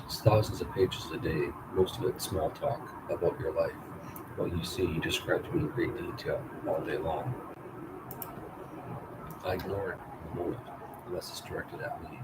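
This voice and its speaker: A man reading the lines of a calm, teasing young woman in a dry, matter-of-fact way. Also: sits low, normal speed, distant mic. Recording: loud background noise.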